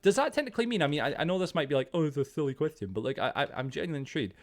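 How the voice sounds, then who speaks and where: A man's voice: fairly high pitch, very animated, very fast. A young man streaming from a room at home, rambling and chatty, laughing easily as he talks to his viewers. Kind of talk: casual live-stream chat.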